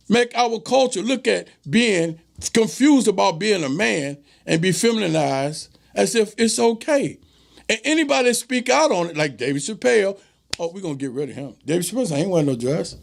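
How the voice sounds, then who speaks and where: Male host, high-pitched with a gritty fry, emphatic commentary monologue that hammers on repeated phrases. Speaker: show host. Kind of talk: direct-to-camera commentary monologue.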